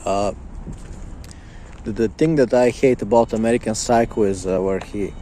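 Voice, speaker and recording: A man's voice: on the low side, normal speed, warm tone, a little hiss or hum. A man ranting as a podcast host, heated and profane, often stammering and repeating his words. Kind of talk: ranting monologue.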